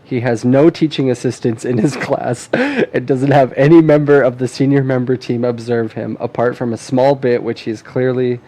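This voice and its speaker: A man's voice: medium pitch, normal speed, hardly any pauses, dark tone. Guy hosting a movie podcast, mid voice, reads stuff out, laughs a lot. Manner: reads listener points aloud, laughs easily. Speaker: podcast host. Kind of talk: casual chat.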